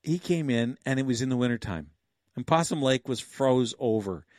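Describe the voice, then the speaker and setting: Man in his 60s from Canada, rambling livestream host, middle pitch, dry close sound. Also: expressive, moderate pace, darkish tone, dry recording. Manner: rambling, chuckling, thinks aloud. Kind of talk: casual livestream chat.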